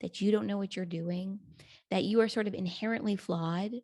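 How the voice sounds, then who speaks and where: A woman hosting a podcast interview affirms her guest and thoughtfully reflects on what was said. Her medium-pitched voice is a little mellow, fairly even in intonation and at normal speed, in studio quality with no echo.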